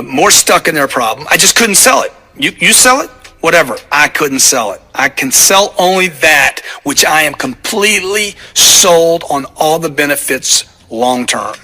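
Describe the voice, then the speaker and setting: A man narrates his own motivational audiobook with a hard, intense drive and a husky, slightly rough grain. He talks in short, punchy bursts and hammers his points home by repeating them. His voice sits a touch high for a man. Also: sharp tone. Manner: emphatic, punchy, repeats key points for force. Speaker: author narrating his sales book.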